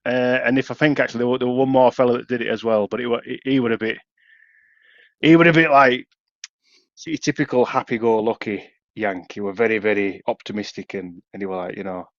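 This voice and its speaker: A Yorkshire man co-hosting a podcast tells a long, rambling story in casual chat, restarting often, swearing and laughing a lot. His voice is medium-pitched with fairly even intonation and a fairly quick pace, recorded muffled with no room sound.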